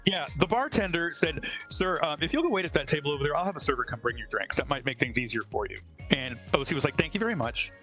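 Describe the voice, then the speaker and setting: A man's voice: a little high, lively intonation, fast, few pauses, bright, forceful tone, faint music behind, rough recording. A man telling a long, rambling anecdote on a live talk show, quoting other people along the way. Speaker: convention organizer. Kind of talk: casual storytelling on a live show.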